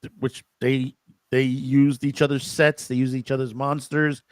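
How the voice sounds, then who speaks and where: A man's voice: mid-range voice, level tone, clean tone, no room sound. Easygoing male podcast co-host, dry sound. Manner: easygoing, agreeable, halting with restarts. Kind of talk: casual chat.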